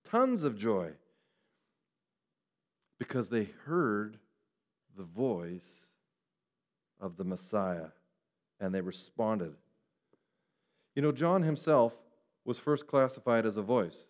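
A man preaching a sermon, animated and acting out the voices of the people he quotes. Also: lowish voice, slow pace, pauses often. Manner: animated, acts out quoted speech. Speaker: pastor. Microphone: referring to a screen, preaching to a congregation.

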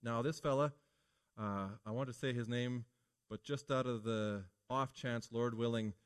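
A middle-aged man preaching a sermon in a relaxed, conversational way, telling stories and asking rhetorical questions. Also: mid-range voice, unhurried, smooth.

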